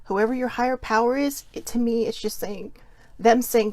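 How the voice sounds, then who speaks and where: A woman's voice: on the high side, steady tone, normal speed, darkish tone, no echo. A woman hosting a live self-care talk, speaking earnestly and repeating herself for emphasis, tearful at times. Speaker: host.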